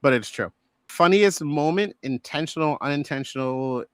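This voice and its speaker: A man's voice: a little high, animated, moderate pace, smooth, no room sound, studio quality. A middle-aged man co-hosting a podcast, enthusiastically recounting favorite movie moments. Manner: enthusiastic, acts out lines and laughs. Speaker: podcast co-host. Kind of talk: casual movie review chat.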